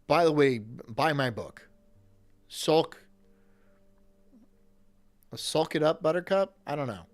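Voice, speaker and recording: A man's voice: on the high side, expressive, slow pace, pauses often. Crude joking streamer man. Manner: crude, joking, laughs often, talks to chat. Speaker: streamer reacting to a video. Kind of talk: casual livestream chat.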